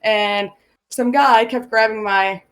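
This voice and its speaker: A woman's voice: a little high, fairly even intonation, slow, fairly bright tone. A young woman from the United States co-hosting a podcast, frank and chatty, telling rambling anecdotes. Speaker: podcast co-host. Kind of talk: casual chat.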